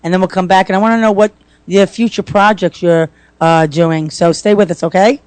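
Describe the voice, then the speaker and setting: Woman radio host in a studio, chatty and quick, dry sound. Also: lowish voice, fairly even intonation, a little mellow, smooth, dry recording. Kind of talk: casual radio interview.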